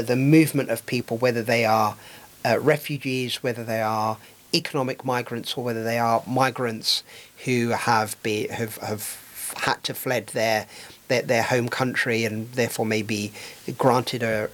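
A man's voice: medium pitch, fairly bright tone. Hesitant man on community radio. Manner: hesitant, many fillers and restarts. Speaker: radio co-host. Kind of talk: casual radio chat.

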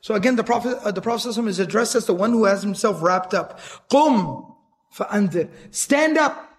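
A man teaching an educational lecture series on the life of the Prophet, earnest and emphatic, repeating his key points and reciting Arabic verses quickly. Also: sits high. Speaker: Islamic teacher.

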